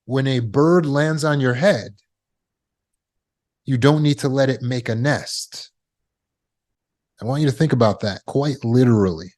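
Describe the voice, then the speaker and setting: A man's voice: mid-range voice, measured pace, pauses often, a little mellow. A man teaching trauma recovery as a coach, speaking emphatically and repeating phrases for effect. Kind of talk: motivational teaching talk.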